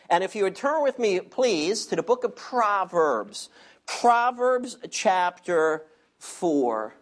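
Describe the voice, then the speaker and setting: A woman preaching a sermon, reading scripture slowly and adding wry asides to the congregation. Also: lowish voice.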